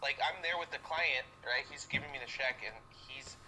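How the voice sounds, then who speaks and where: A man's voice: medium pitch, fairly quick, pushed and bright, slight background noise, poor audio. A young man in casual chat, telling a long work story in a rambling, profane way with many fillers. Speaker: friend on a call with the streamer.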